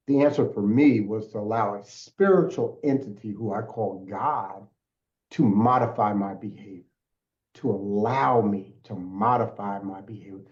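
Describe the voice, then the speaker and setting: A man's voice: lowish voice, a little mellow. A man, a guest speaker, telling his personal testimony in an earnest, emotional way, repeating phrases for weight. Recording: echoey, dull lo-fi sound.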